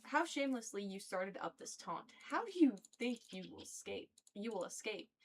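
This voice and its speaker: A woman's voice: mid-range voice, normal speed, low-quality recording. Woman reading a proud, angry ancient king. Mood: accusing. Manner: reads flatly, stumbling over old wording. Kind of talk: casual read-aloud of a play.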